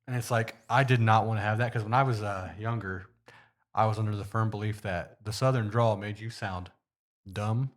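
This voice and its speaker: A young man with a Midwestern accent and a low voice chats on a podcast. He is blunt and swears casually, with a slight stutter that shows now and then. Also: fairly even intonation, moderate pace. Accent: Midwestern American. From Indiana. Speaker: podcast co-host.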